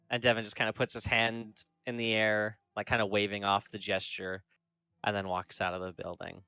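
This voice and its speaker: A man narrating a tabletop game as game master, rambling with lots of fillers and slipping into quick character quotes. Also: fairly low pitch, fairly even intonation, bright, forceful tone, clean tone, no echo, clean studio sound, faint music behind. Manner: rambling, full of fillers like "like" and "kinda".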